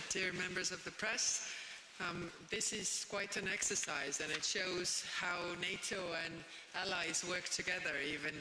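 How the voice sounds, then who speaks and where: A woman, a prime minister, delivering a formal press statement in a measured way with frequent "uh" fillers. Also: medium pitch, background noise. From Estonia. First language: Estonian. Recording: echoey hall with long reverb.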